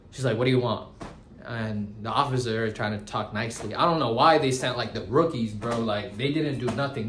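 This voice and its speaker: A young man in his twenties tells shop stories in loose, slangy vlog talk, full of "bro" and "guys." His voice sits at an ordinary middle pitch. A faint hum sits behind him. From United States. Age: 20s. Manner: slangy and animated, says bro and guys a lot. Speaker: tattoo shop owner. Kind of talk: casual storytelling vlog.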